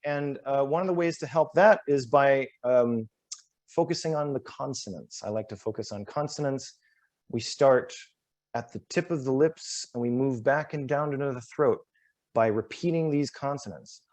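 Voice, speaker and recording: Male workshop presenter, mid-pitched, relaxed and self-deprecating, demonstrating vocal drills on a video call. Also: brisk, muffled recording. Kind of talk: voice warm-up demonstration.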